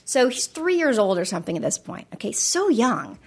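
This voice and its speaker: A woman with a slightly high voice, talking as a guest on a podcast. She tells stories in a lively way and acts out the lines of the people in them. The pace is a relaxed, chatty back-and-forth. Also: a little fast, husky. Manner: animated, acts out voices in anecdotes. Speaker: podcast guest, actress and math author. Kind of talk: casual storytelling chat.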